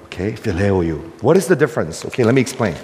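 An older male pastor preaching with lively, swooping pitch that climbs and falls. He presses his points with rhetorical questions, and his voice hangs in the long reverb of a big hall. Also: quick pace, a little hiss or hum. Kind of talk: sermon.

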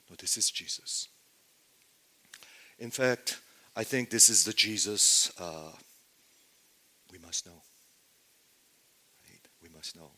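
Bright-voiced passionate male preacher. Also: medium pitch. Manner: passionate, swings from loud to hushed. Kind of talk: sermon.

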